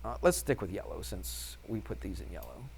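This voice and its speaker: A man's voice: on the low side, expressive, a little fast, creaky, darkish tone, slightly rough. A man teaching a math class, upbeat and chatty, firing questions at the students and answering them himself. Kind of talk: classroom lesson.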